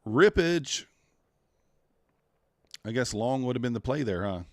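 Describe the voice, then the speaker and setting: A man's voice: medium pitch, fast talker, darkish tone, dry recording, studio quality. A man trading futures live on a stream, talking to himself and to the chat, groaning at each loss and muttering over the charts. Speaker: live-streaming day trader.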